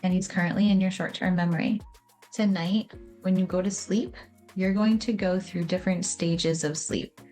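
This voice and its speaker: A woman's voice: fairly low pitch, steady tone, normal speed, mellow, faint music behind. A woman explaining how memory works in a casual, conversational way, acting out little scenes as she goes. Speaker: educator explaining memory and trauma. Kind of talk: explanatory video talk.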